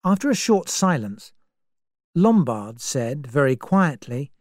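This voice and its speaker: A woman narrating a story in a measured, expressive way. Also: rumbling low, no echo, studio quality. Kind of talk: scripted narration.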